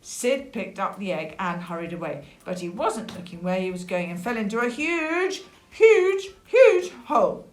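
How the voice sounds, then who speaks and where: A woman reading a children's picture book aloud, lively, with chatty asides. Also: fairly low pitch, normal speed, hardly any pauses. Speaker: storyteller. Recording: echoey room.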